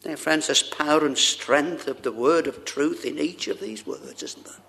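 A man's voice: on the high side, moderate pace, vocal fry, pushed and bright. A man preaching a sermon, addressing the congregation with rhetorical questions and old-fashioned scripture wording.

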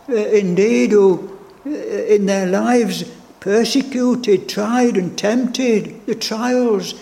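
A man's voice: sits high, gravelly, a little mellow. A man preaching a sermon with fervent, repeated phrases and stammered restarts. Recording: long hall reverb.

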